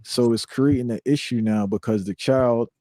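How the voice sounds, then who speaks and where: A man's voice: mid-range voice, normal speed, warm tone, no room sound. A man calling in to a discussion, speaking earnestly with some hesitation. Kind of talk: call-in discussion.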